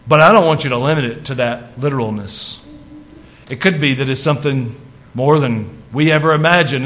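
In a sermon that moves from easy conversation to fervent stress on scripture, a male pastor addresses his congregation. His mid-range voice has a slightly bright quality.

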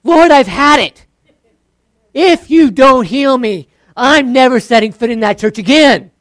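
A desperate soul stammers out a plea to God for healing, voice climbing high and loud, as a preacher acts it out. The sound is close and dry, with no room around it. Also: measured pace, dry recording. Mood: exasperated. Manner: pleading, stammering, rising loudness.

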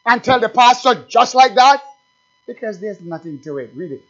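A man preaching a sermon without notes, swinging between loud emphatic lines and quiet asides. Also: very high voice, animated, moderate pace. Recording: dull lo-fi recording.

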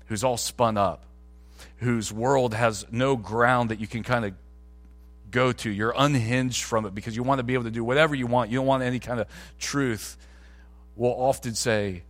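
A man, a pastor, preaching a sermon in a conversational way that climbs to emphatic peaks. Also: mid-range voice.

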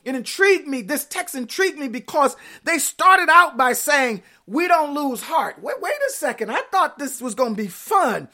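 A woman, preaching a sermon in an animated, playful way full of rhetorical questions. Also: high-pitched, normal speed, hardly any pauses.

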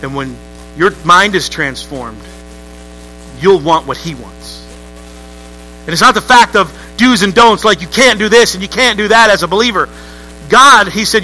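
A man's voice: sits high, animated, moderate pace, pauses often, pushed and bright, faint music behind, poor audio. A male pastor preaching a sermon in a church, telling a story in a conversational way and building to emphatic peaks. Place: church sanctuary.

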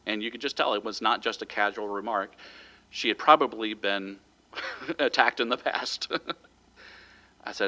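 A man's voice: lowish voice, unhurried, long pauses, bright, forceful tone. A man giving a sermon as pastor, telling a story in a conversational way and chuckling lightly now and then.

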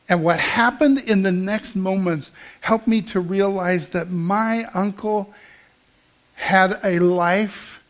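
A man in his fifties preaching a sermon, telling a personal story in an earnest, conversational way with frequent restarts. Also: high-pitched.

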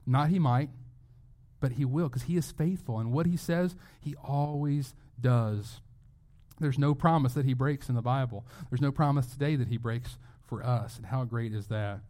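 A man's voice: medium pitch, moderate pace, mellow. A man preaching a sermon as pastor, earnest and emphatic, often restarting his phrases.

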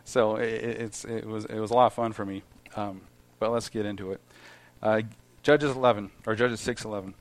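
A man's voice: on the low side, steady tone, fairly quick. A middle-aged man giving an informal Bible teaching, reading verses aloud and then explaining them with many restarts and fillers. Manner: reads scripture aloud then comments conversationally. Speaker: lay preacher at a Bible study.

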